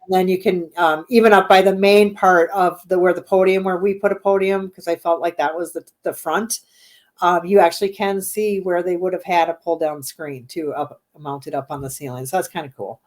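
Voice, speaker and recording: A woman's voice: fairly low pitch, steady tone, moderate pace, darkish tone. A woman owner of a haunted venue, chatting casually as a guest and rambling with many ums. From Midwestern United States. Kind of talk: casual interview chat.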